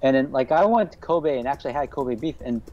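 A man chatting casually, relaxed and chiming in with a personal anecdote. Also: medium pitch, fast. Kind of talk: casual chat. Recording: dull lo-fi mic with faint noise.

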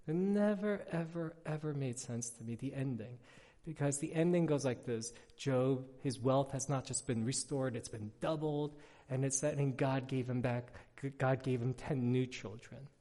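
A man pastor giving a casual, animated sermon, telling stories with lots of filler words. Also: mid-range voice. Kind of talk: conversational sermon. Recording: long hall reverb.

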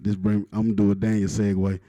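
A man's voice: fairly low pitch, level tone, quick pace, no room sound, low-quality recording. Profane man doing stand-up. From Mississippi, USA. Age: 30s. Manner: profane, punchy delivery with loud outbursts. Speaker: stand-up comedian. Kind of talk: stand-up comedy set. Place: open mic stage in a live venue.

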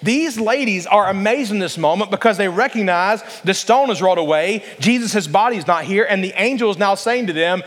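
A man preaching a sermon as pastor, earnest and deliberate, slowing down to read scripture and prompting the congregation to answer. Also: high voice, expressive, fairly bright tone, big-room sound.

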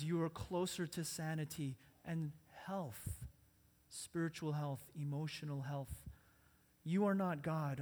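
A male pastor preaching a sermon, earnest and repetitive, moving between hushed and loud. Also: a little high. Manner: earnest, repeating phrases, swings between soft and loud. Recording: long hall reverb.

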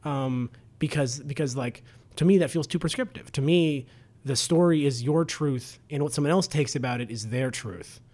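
A man co-hosting a casual storytelling podcast. He talks in a loose, rambling way and keeps circling back with fillers and restarts. His voice sits at an ordinary middle pitch. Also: moderate pace, darkish tone. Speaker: podcast co-host.

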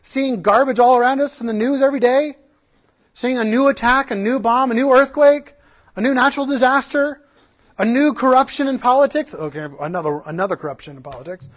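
A pastor with a notably high voice preaches like a passionate preacher, speaking a little fast. He presses listeners with rhetorical questions, then slips into earnest, conversational asides full of restarts.

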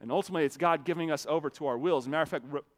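A man, a pastor, preaching a sermon in a conversational way, often repeating words as he starts a phrase and swinging from soft asides to loud emphatic lines. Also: fairly high pitch, rapid-fire.

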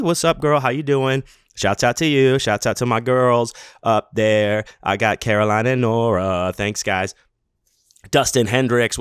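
A middle-aged man, a podcast host, giving casual, enthusiastic shout-outs full of slang and bursting louder on names. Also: on the low side, clean tone, no room sound, studio quality.

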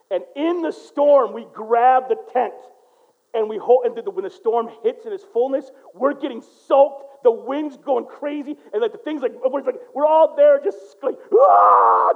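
A man preaching a sermon in a casual, animated storytelling way, dropping to a hush and then rising to loud bursts. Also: very high voice, moderate pace, narrow, tinny audio. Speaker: pastor. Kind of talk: sermon with personal stories.

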